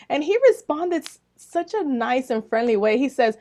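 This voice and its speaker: A woman's voice: a little high, lively intonation, normal speed, hardly any pauses. A woman with Latin American roots hosting a podcast, introducing her guest in a bubbly, enthusiastic way and acting out her own reactions. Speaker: podcast host.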